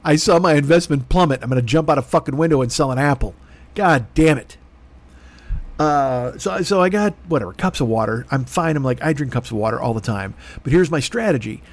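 A man telling a comedic story on a podcast, animated and profane, mocking himself. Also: medium pitch, fairly quick. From grew up poor. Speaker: podcast host.

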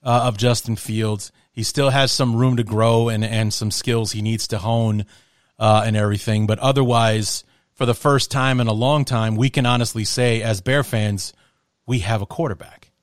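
A man's voice: fairly low pitch, fairly even intonation, normal speed, no room sound, clean studio sound. A man hosting a podcast, chatting casually about football, rambling with frequent restarts and laughs. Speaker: podcast host. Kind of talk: casual sports chat.

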